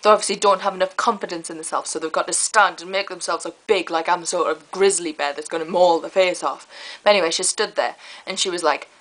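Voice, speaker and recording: A teenage girl, chatting to camera in a rambling, lively way. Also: fairly low pitch, fast talker, rough recording. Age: teens. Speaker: vlogger. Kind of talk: casual chat to camera.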